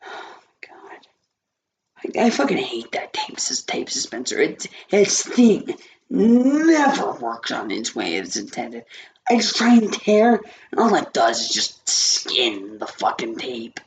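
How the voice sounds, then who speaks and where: Scratchy-voiced man, casual movie reviewer, wanders off topic, profane, gravelly fry, middle pitch. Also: wildly swooping pitch, slow pace. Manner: rambling, easily distracted, swears often.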